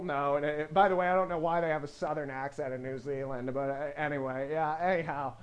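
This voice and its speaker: A man's voice: a little high, brisk, few pauses, clean tone. A young man co-hosting a podcast in casual chat, rambling with many fillers and laughing often at himself. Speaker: podcast co-host, professional poker player.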